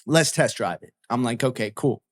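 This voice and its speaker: A man's voice: mid-range voice, normal speed, fairly bright tone. A man telling a story in casual chat, swearing freely and acting out both sides of a heated argument.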